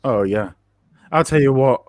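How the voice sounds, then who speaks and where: Guy doing a live fight watchalong, gets excited and his voice jumps up, dry close mic. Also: measured pace, no echo. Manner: excitable, pitch jumps up when reacting. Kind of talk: casual live commentary chat.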